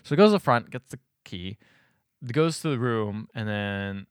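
A man chatting on a podcast, retelling a film scene by scene and slipping into the characters' lines. His voice is smooth and resonant, and his pitch moves a lot. The sound is dry and close. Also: lively intonation, moderate pace, no room sound. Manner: rambling storyteller who acts out lines. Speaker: podcast co-host. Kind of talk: casual chat, recapping a movie.

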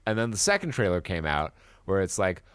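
A man co-hosting a podcast, chatting casually about a movie, animated and swearing freely as he acts out lines from trailers. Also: deep voice, fairly quick, smooth, no room sound. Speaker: podcast co-host. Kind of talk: casual movie review chat.

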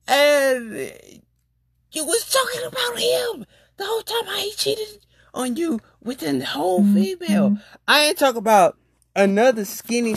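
A young adult podcast host telling a rambling, slangy personal story with loudly exclaimed reactions. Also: mid-range voice, vocal fry, a little hiss or hum. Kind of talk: casual storytelling monologue.

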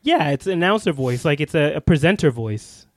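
A man's voice: on the high side, sing-song, brisk, no echo. A man co-hosting a podcast, chatting casually and jokily while trying to keep the talk on track. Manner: jokey, takes charge of the talk. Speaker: podcast co-host.

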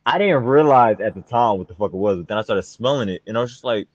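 A young man in casual podcast chat, telling a bragging story and swinging into loud exclaiming. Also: fairly low pitch, lively intonation, fast talker, no room sound, dull audio.

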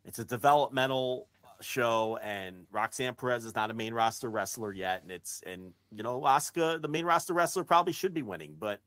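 A man co-hosting a wrestling podcast in casual, blunt chat, swearing freely and getting animated when he mocks excited fans. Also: mid-range voice, brisk, no echo. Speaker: podcast co-host.

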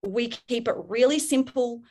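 A woman's voice: on the high side, moderate pace, darkish tone. A woman, a parenting expert in casual podcast chat, speaking frankly and acting out quoted voices.

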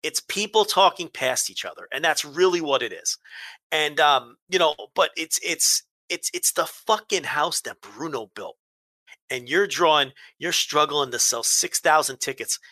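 A man's voice: fairly high pitch, animated, measured pace, bright, forceful tone, no room sound. A man co-hosting a casual chat, ranting heatedly with profanity and emphatic repeats. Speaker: podcast co-host.

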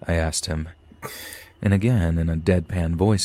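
A man's voice: low voice, fairly even intonation, normal speed, dark tone. A man, a podcast host, reading a scary story aloud with some dry asides.

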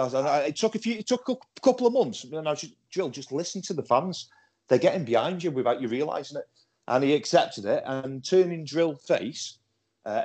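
A man's voice: medium pitch, breathy edge. A man hosting a casual podcast chat over a Skype call, telling stories with lots of restarts. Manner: animated storytelling with repeated restarts. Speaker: podcast host and wrestling promoter.

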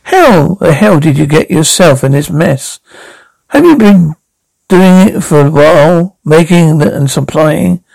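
A man's voice: on the high side, expressive, a little slow, creaky, darkish tone, no room sound, low-quality recording. An actor playing a blunt male police detective in a TV crime drama, pressing a suspect with terse questions.

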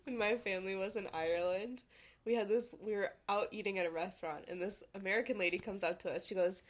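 A young woman with a Minnesotan accent chatting casually as a podcast co-host, easygoing and quick to giggle. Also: mid-range voice, steady tone. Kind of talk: casual chat.

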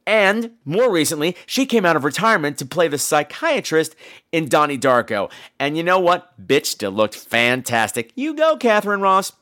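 A man hosting a podcast, recapping a horror movie in a sarcastic, profane, animated storytelling way. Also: fairly high pitch, normal speed. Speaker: podcast host. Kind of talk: casual movie-recap chat.

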